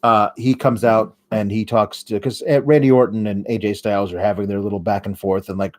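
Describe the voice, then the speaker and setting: A man's voice: on the low side, steady tone, brisk, hardly any pauses. A young man hosting a podcast, giving a casual, sarcastic wrestling recap and mocking the wrestlers as he goes. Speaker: podcast host.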